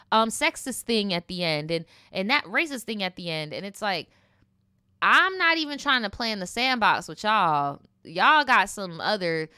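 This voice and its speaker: A young woman rambles through a casual eating-show chat, slangy and animated. Her voice is bright and smooth, and the sound is close and dry. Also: fairly low pitch, moderate pace, no room sound. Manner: animated storytelling, slangy, laughing asides. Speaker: mukbang vlogger.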